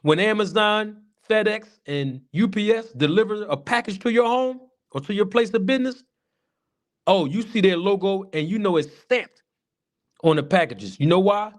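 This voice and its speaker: Male streamer, high-pitched, repetitive conversational commentary aimed at chat. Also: animated, normal speed. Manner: chatty, repetitive, addresses chat viewers. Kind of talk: casual livestream commentary.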